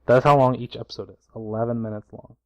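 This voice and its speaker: A man's voice: mid-range voice, steady tone, quick pace, darkish tone, no room sound, low-quality recording. Young male co-host: blunt and argumentative, mid-range voice, dry unechoing recording. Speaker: podcast co-host. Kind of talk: casual podcast chat.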